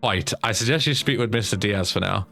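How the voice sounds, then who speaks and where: A man's voice: lowish voice, fairly quick, creaky, pushed and bright, soft background music. A man voicing a formal, overly well-spoken security chief for a gang boss.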